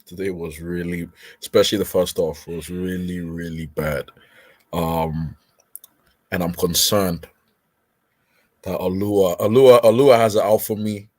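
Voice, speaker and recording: A man's voice: low voice, fairly even intonation, measured pace, darkish tone, no echo. A man hosting a casual fan hangout, easygoing and laughing, with stammering restarts. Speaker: hangout host. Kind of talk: casual chat.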